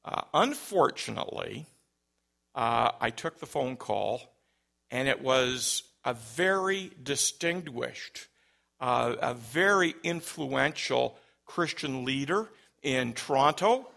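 A middle-aged man telling a personal story in an unhurried anecdotal way. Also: medium pitch, expressive, creaky, bright, forceful tone.

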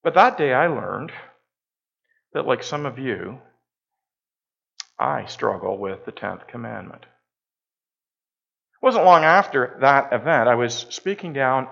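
A middle-aged Canadian pastor tells a story during a church sermon, sounding conversational and self-deprecating. His medium-pitched voice is creaky with a fairly bright tone, captured in a muffled lo-fi church recording.

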